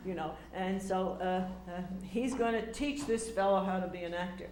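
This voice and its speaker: An older woman telling stories in a casual, animated way, acting out quotes with lots of fillers and restarts. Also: fairly low pitch, normal speed, few pauses, roomy sound, a little hiss or hum. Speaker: speaker recounting memories. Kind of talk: casual storytelling talk.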